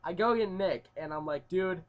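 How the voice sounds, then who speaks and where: A young man telling a rambling story in a casual vlog, full of fillers, swinging between loud outbursts and mumbled asides. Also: high voice, moderate pace, muffled recording. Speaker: YouTuber.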